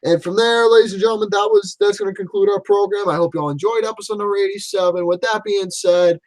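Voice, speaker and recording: A man co-hosts a podcast and talks in a tired, laid-back way. His voice sits fairly high. The sound is dry and close. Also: fairly even intonation, fast talker, no room sound. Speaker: podcast co-host. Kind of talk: casual chat.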